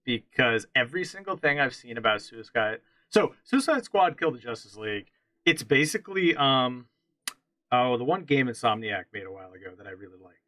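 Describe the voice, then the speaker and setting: On a casual podcast, a man from central Pennsylvania co-hosts a games discussion, opinionated and prone to restarting. His mid-range voice swings widely in pitch, sounding brisk, bright and forceful, in a rough recording with no echo.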